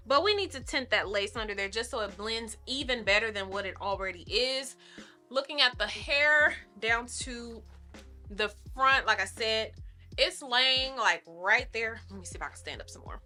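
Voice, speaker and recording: A young woman with a bright, forceful voice pitched a little high talks her viewers through a hair tutorial. She is chatty and upbeat, often correcting herself mid-sentence, and soft music plays behind her. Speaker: beauty vlogger. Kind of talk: casual get-ready-with-me chat.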